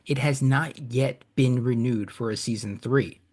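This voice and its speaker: A man with an average-pitched voice hosts a casual podcast. He chuckles often and pokes fun at himself. He stumbles and restarts as he reads a listener's email aloud. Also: unhurried, a little mellow, breathy edge. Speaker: podcast host.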